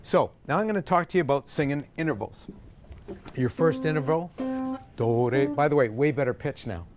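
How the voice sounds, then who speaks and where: A middle-aged man directing a choir, coaching vowels and pitch and singing example notes himself, with jokey asides. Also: lively intonation, a little fast, a crowd in the background. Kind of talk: vocal warm-up lesson. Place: rehearsal room with a choir.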